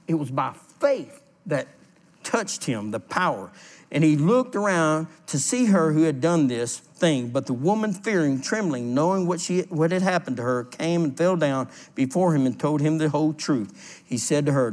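A man with a drawl preaches a sermon, his voice sitting a little high and swinging widely in pitch. He tells stories with lively energy and reads scripture aloud, stopping to explain it to the congregation. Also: moderate pace. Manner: storytelling, animated, laughs at his own story. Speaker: pastor.

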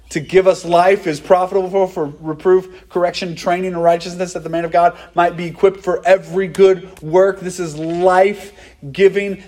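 A man's voice: on the high side, darkish tone. A man preaching a sermon, emphatic, repeating key phrases for stress. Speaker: pastor.

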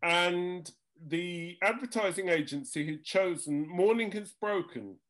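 On a conversational talk show, an older man who composes jingles shares anecdotes from the studio in a high, fairly bright voice at a measured pace. His comic timing is dry, and he performs other people's lines.

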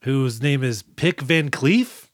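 A man co-hosting a podcast, recapping an action movie in casual chat and slipping into quick mock voices. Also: medium pitch, expressive, no room sound, studio quality. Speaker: podcast co-host.

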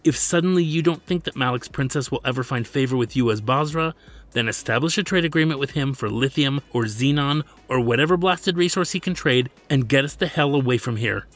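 A man's voice: mid-range voice, brisk, soft background music, voice pushed up, close to an everyday voice. A man voicing a stern, formal male manager and loyal servant, speaking insistently.

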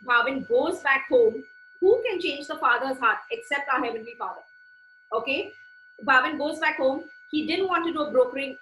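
Woman, preacher, bright voice, fervent conversational sermon, repeated phrases, echoey room. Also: high voice, slight background noise.

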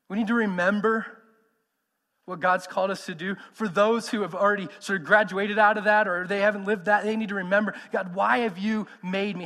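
A man's voice: high-pitched, fairly bright tone, long reverb tail. A man in his thirties preaching a sermon, emphatic and conversational, putting questions to the congregation. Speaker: pastor.

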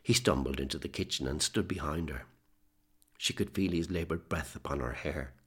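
A man reading a novel aloud in steady, measured narration. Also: a bass voice, husky. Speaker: audiobook narrator. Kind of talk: scripted narration.

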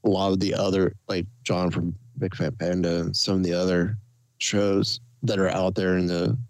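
A man talking in casual panel chat, halting and self-deprecating. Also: low-pitched, flat delivery, no echo.

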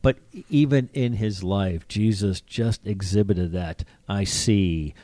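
Low mellow dude, heartfelt and reflective, chatty podcast, dry mic. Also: male voice, no echo. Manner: reflective, heartfelt, with quick asides. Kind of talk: casual podcast discussion.

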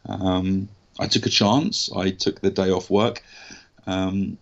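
एक अंग्रेज़ लहजे वाला पुरुष, थोड़ी नीची आवाज़ में कहानी सुनाता हुआ, धीमी लो-फ़ाई रिकॉर्डिंग।. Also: male voice, sits low, takes it slowly, creaky, lo-fi sound. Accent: English. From England. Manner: animated anecdotal, frequent ums and self-corrections. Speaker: actor guest. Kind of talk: casual podcast storytelling.

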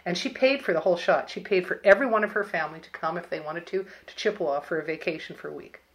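A woman's voice: lowish voice, fast talker. An older woman from Canada, an interview guest, explaining and recalling the past in a matter-of-fact way. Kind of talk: reminiscing storytelling.

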